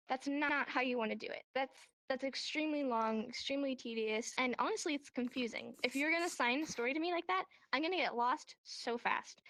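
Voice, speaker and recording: Brief: woman, high pitch, dry close sound, animated class teacher acting out examples. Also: no echo. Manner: animated, acts out examples in voices. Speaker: sign language teacher. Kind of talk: casual online class explanation. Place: VR chat room.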